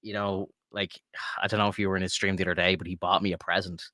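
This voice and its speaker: An Irish man with a low voice chats at a quick clip on a podcast. He rambles through stories, fills them with "like" and swears freely. The sound is close and dry, with no room echo. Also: little pitch movement, pushed and bright. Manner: rambling storyteller, swears freely, says "like" a lot. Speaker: podcast co-host. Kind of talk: casual chat. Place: home room with guitars.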